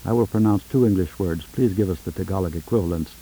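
On what sounds like an old 1970s tape, slightly rough and poor in quality, a linguist reads a formal scripted phonetics lesson, prompting a language informant one word at a time. His voice is low, very dark, and mellow, and his delivery measured and precise.

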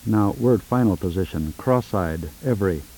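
A man speaking in a measured, precise way while leading a formal phonetic session, on an old 1970s tape recording. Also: low voice, animated, a little mellow, husky, rough recording. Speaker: linguist interviewer.

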